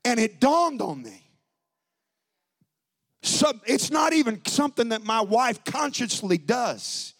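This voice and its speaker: A man with a high voice preaching a Pentecostal sermon and a lilt. He talks to the congregation in a joking, conversational way, then climbs into loud, stretched-out preaching. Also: big pitch swings, slow pace, pauses often. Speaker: pastor.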